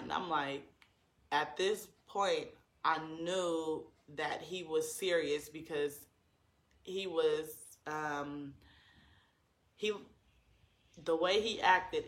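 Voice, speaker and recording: A man recounts a personal story for his viewers, earnest and emotional, leaning on likes and ums as he goes. His voice sits a little high for a man, with a gravelly fry and a bright, tense edge. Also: fairly even intonation, slow, echoey room.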